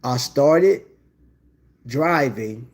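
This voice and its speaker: A man's voice: mid-range voice, animated, drawn-out words. A man hosting a live stream at a collectors' event, chatting casually and calling people "bro" and "man.". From Indiana. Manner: laid-back, chatty, says "bro" and "man" a lot.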